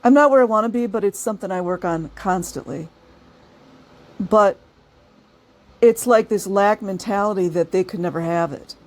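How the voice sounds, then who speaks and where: A woman's voice: mid-range voice, normal speed, long pauses. Chatty, laughing woman talking to her viewers. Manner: chatty, laughs often, acts out quoted people. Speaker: channel host. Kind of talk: casual monologue to viewers.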